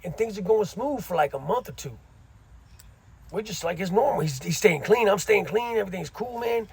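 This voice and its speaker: A man's voice: high-pitched, lively intonation, normal speed, creaky, husky. A middle-aged man casually telling a story from his time in prison, using street slang and frequent asides.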